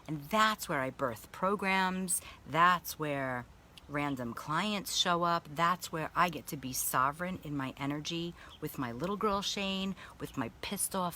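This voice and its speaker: A woman coaching on a live video while sitting in a baby pool, talking candidly and with plenty of swearing about feelings and energy, and pausing to greet viewers by name. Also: low-pitched, sharp tone, a little hiss or hum. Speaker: spiritual coach.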